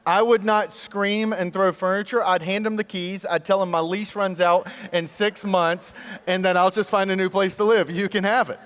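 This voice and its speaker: A man's voice: sits high, moderate pace. Man preaching in a reverberant hall. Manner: animated storytelling, jokes with the crowd. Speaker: guest pastor. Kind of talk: sermon with humor. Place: large church auditorium.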